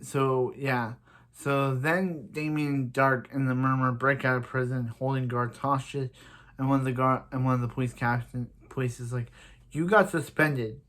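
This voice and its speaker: A young man talks through a TV episode in a loose, rambling recap, circling back with "so yeah" and stacking up "he's like" before each line. He gets heated as he rants about what he disliked. His pitch sits in a middle range for a man. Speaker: TV episode reviewer. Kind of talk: casual recap and rant.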